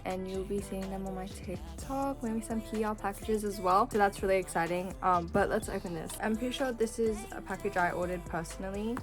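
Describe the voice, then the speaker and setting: A teenage girl chatting casually as she narrates her own vlog, breezy and self-mocking. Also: medium pitch. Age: teens. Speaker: vlogger. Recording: loud background music.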